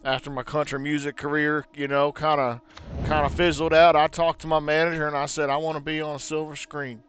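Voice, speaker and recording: A man's voice: fairly high pitch, level tone, fairly quick, a bit bright, lightly acted. A man voicing a washed-up male country singer with a folksy put-on Southern American drawl, as a jokey impression. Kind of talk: jokey impression during game commentary.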